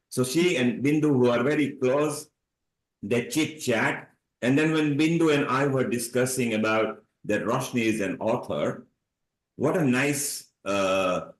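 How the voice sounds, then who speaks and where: Effusive male host in an echoey room. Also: medium pitch. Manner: enthusiastic, effusive. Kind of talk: live online talk. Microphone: video call.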